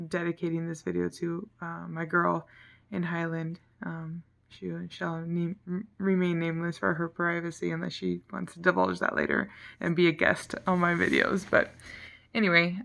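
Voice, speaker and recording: A woman with a lowish, gravelly voice vents in a casual vlog. She talks frankly and rambles, sounding tired and fed up, and now and then her voice sinks almost to a whisper. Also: a bit bright. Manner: frank, frustrated, rambling, drops to near-whisper at times. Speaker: vlogger.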